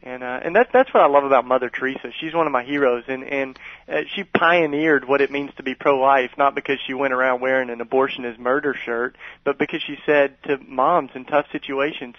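A man's voice: medium pitch, steady tone, fairly quick, dry recording. A man from East Tennessee, a guest on a radio interview, who talks earnestly with lots of restarts and laughs at his own stories. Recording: dull lo-fi radio sound.

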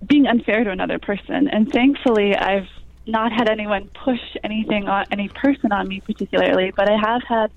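Young woman in her 20s, soft and hesitant, lots of ums, kinda lo-fi sound. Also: mid-range voice, brisk. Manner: soft-spoken, frequent ums and likes. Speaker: guest. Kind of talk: interview conversation.

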